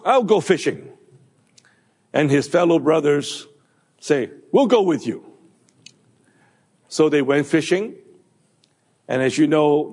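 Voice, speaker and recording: A man preaching a sermon, halting with fillers and restarts. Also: on the high side, gravelly, a little mellow, breathy edge. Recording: long hall reverb.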